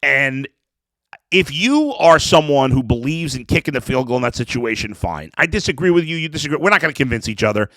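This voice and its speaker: A man's voice: medium pitch, lively intonation, fairly quick, a bit bright, no echo. A man hosting a sports podcast, talking through an emotional, rambling opinion monologue with lots of restarts.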